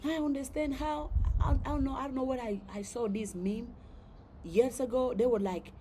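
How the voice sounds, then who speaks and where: A woman's voice: high voice, fairly even intonation, moderate pace, dark tone, slight background noise. A woman hosting a casual motivational talk to her viewers, playful and often laughing at her own jokes, with repeated words as she thinks aloud. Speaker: host.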